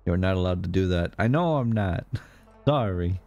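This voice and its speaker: Low-voiced joking young man streamer. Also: expressive, moderate pace, darkish tone, faint music behind. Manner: rambling, jokey, chats to viewers, laughs often. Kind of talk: casual live-stream chat.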